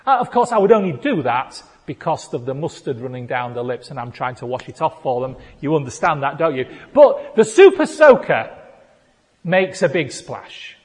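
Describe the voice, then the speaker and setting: A male pastor, preaching a playful sermon that builds to shouted declarations. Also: mid-range voice, expressive, brisk, hardly any pauses, husky. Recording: long hall reverb.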